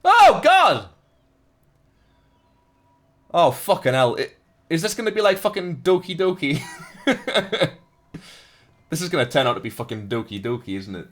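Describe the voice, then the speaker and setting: A man's voice: on the high side, lively intonation, moderate pace, long pauses. A man streaming a game live, reading its narration aloud dramatically between jokey, profane banter with chat.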